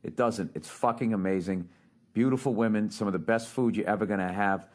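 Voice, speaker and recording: A man's voice: on the low side, fairly quick, darkish tone, no echo. A middle-aged man, hosting a podcast in a profane, ranting monologue that breaks into laughter. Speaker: podcast host. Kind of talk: casual monologue.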